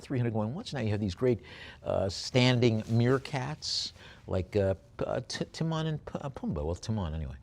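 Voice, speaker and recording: A man working as an auctioneer, calling bids at a live sale. He describes each lot with many hesitant fillers and drops joking asides between bids. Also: medium pitch.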